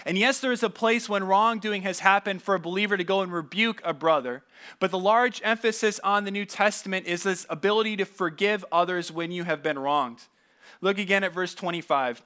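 Bright, high-voiced male pastor. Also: brisk, smooth. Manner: casual storytelling with asides and repeated words. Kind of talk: conversational sermon.

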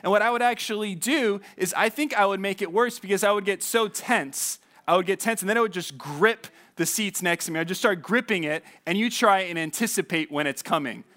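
High-voiced, animated man preaching. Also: brisk, hardly any pauses. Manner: conversational and animated, asks the audience questions. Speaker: pastor. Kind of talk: sermon.

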